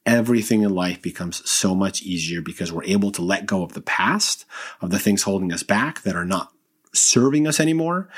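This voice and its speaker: A man's voice: lowish voice, husky. A man hosting a self-help podcast, talking earnestly and coaching his listeners directly. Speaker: podcast host.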